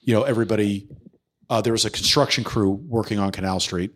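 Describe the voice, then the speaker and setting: Speaking fast in a voice on the low side, a man recounts a story on his podcast in a casual, conversational way, freely swearing and performing the voices of those he quotes.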